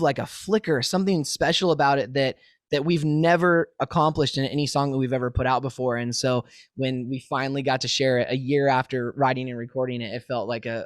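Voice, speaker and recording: Animated man chatting on a dry call. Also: mid-range voice, fairly quick, no room sound. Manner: animated storyteller, laughs easily. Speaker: musician guest. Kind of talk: casual interview chat. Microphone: remote call from his home studio.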